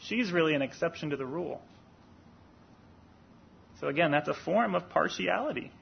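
A man preaching a sermon in an earnest, deliberate way, rising for emphasis on key points. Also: fairly high pitch, lively intonation, gravelly, breathy edge, highs cut off.

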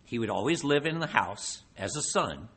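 A man delivering a sermon in a husky, bright-edged voice. His pitch swings widely as he asks rhetorical questions, and he slows down to press each point home. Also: big pitch swings. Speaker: preacher.

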